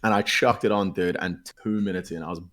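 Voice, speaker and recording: Deep-voiced man telling laid-back stories. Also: fairly even intonation, fast, fairly bright tone. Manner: laid-back, swears casually, rambling storytelling. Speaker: podcast guest. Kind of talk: casual podcast chat.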